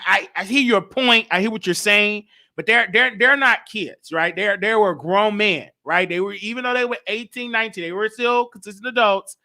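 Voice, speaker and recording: A man's voice: high-pitched, pushed and bright. A male show host reflecting casually and rambling a little, often restarting his sentences. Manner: rambling, self-correcting, reads viewer comments aloud. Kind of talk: casual commentary on an old broadcast.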